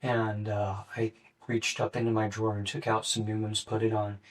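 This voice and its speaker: Flat, halting young man, off-mic. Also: on the low side. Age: late teens. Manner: flat, matter-of-fact, halting with fillers. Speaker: murder suspect being interrogated. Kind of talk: police interrogation statement. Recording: distant mic in an interrogation room.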